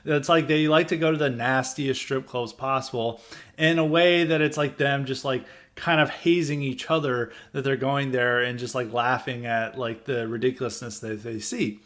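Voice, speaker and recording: A man's voice: medium pitch, fairly even intonation, normal speed, fairly bright tone. A young man hosting a podcast, talking in a rambling, sardonic commentary style full of "like" and "you know". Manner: sardonic, mocking mimicry of others. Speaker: podcast host. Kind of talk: casual political commentary monologue.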